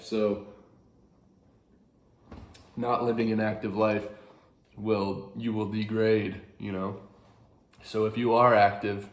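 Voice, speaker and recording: Man, casual literature explainer, rambling and chuckling, low voice, echoey room. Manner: rambling, chuckling, self-correcting. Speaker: video host explaining a play.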